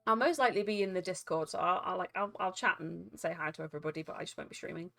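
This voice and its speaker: A woman's voice: fairly low pitch, rapid-fire, gravelly, pushed and bright. A woman streaming live, chatting casually with viewers in a rambling, giggly way with frequent restarts.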